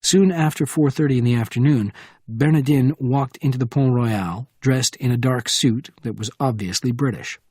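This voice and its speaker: A man giving steady scripted narration of a thriller audiobook. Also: medium pitch, moderate pace, slightly rough, no room sound, studio quality.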